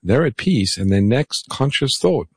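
A man co-hosting a radio Bible call-in show, gently explaining scripture and taking callers. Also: medium pitch, expressive, husky, no room sound, studio quality. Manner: gentle, explanatory, reads phone numbers slowly. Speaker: radio co-host pastor.

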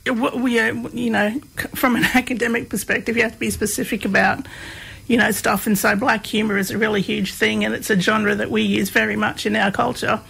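A woman's voice: on the high side, flat delivery, a little fast, vocal fry, a bit bright, breathy edge, low-quality recording. A woman, a guest in an interview, telling stories in a chatty way and laughing as she talks. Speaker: interview guest, comedy researcher. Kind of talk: casual conversational storytelling.

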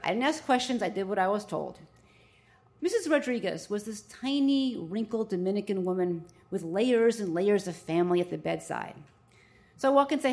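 Animated woman doctor telling a story. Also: mid-range voice, moderate pace. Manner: vivid, animated, self-mocking. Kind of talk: first-person storytelling to a live audience.

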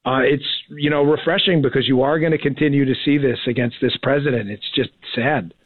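A man in his forties, a former Secret Service agent, talking excitedly in a casual radio interview and rambling with many restarts. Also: mid-range voice, brisk, dry recording. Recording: tinny phone-line audio.

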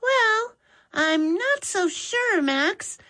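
A woman's voice: very high voice, lively intonation, drawn-out words, bright, forceful tone, pitched above the performer's own voice, exaggerated voice. A woman reading aloud, voicing a polite young boy who asks earnest questions.

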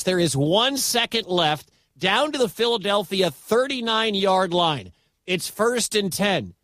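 A man calling live radio football play-by-play, excitable and quick to shout at big moments. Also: sits high, no echo, studio quality. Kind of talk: live radio sports commentary.

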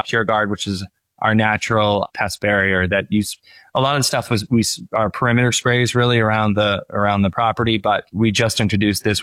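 A man guest explaining how his company's service works in a casual, halting way. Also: lowish voice, fairly bright tone, no echo.

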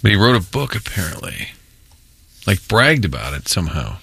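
Bright-toned male radio co-host. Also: on the low side, very animated, moderate pace, vocal fry, breathy edge, no echo. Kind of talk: casual talk radio banter.

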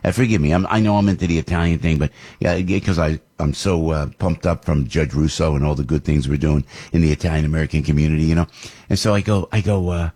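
An older man hosting a radio talk show, rambling with many restarts and repeated words, getting animated as he talks. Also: very deep voice, fast talker, slightly rough. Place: radio studio.

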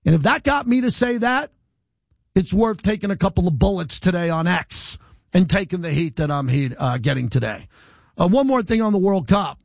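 A middle-aged man hosting live sports radio, talking in an animated, defiant, rambling monologue without a script. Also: high-pitched, moderate pace, vocal fry, no echo, clean studio sound. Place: radio studio. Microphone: studio microphone.

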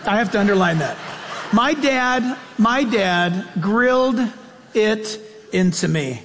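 A man with a high voice preaches from a church sanctuary, and a long reverb trails after his words. His delivery is emphatic and conversational, full of personal asides that poke fun at himself. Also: animated, takes it slowly, a bit bright. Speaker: pastor. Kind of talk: sermon.

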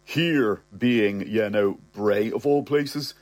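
A man's voice: lowish voice, slow, a little mellow, dry recording. A young man reading a comic story aloud in the first person, cocky and sardonic, full of wisecracks. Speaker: narrator.

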